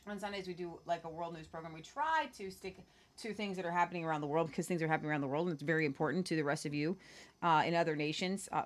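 A woman co-hosting a weekly world news talk show, chatting casually and rambling through stories. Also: low-pitched. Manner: chatty, rambling, playful with mock accents. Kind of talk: casual news commentary chat.

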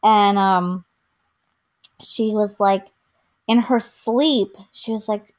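A woman's voice: medium pitch, slow, long pauses. A woman in casual chat, telling stories with lots of fillers and acting out quoted lines. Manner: animated storyteller, acts out quotes with many fillers.

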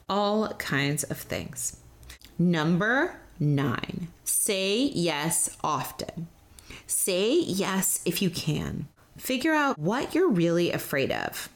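A woman hosting a parenting podcast, talking in a casual, upbeat way and sometimes slowing down or going soft for emphasis. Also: fairly low pitch, sing-song. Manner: upbeat, chatty, slows down for emphasis. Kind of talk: casual solo podcast talk.

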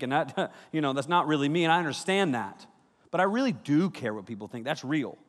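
Youth pastor type, man, chatty and fired up, a bit high-voiced, long hall echo. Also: fast talker. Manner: energetic and conversational, with sudden loud bursts. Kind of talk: sermon. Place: large auditorium. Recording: reverberant hall.

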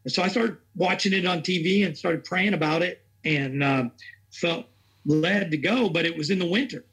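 A man's voice: high voice, normal speed, a bit bright, husky. A man working as a racing chaplain, telling his story in an interview in a rambling, earnest way and acting out what others said. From Tennessee.

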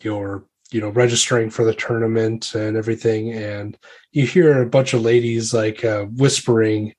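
Husky rambling male game master. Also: on the low side, level tone, moderate pace, a little mellow. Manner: loose and rambling, full of likes and ums. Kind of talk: narrating a tabletop game.

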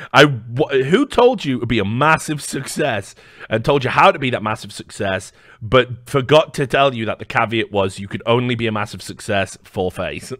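Male streamer, mocking reaction commentary, bright lively voice. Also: medium pitch, moderate pace, no room sound, clean studio sound. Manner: mocking, sarcastic, swears a lot.

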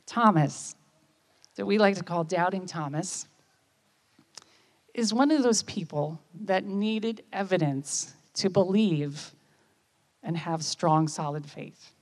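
A woman, giving a conversational sermon and often checking in with listeners with quick questions. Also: lowish voice. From United States. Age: 50s. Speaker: speaker at church.

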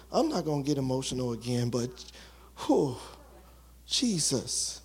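A man preaching a sermon as pastor, emotional and building to excited shouts. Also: medium pitch, a little slow, long pauses, breathy edge.

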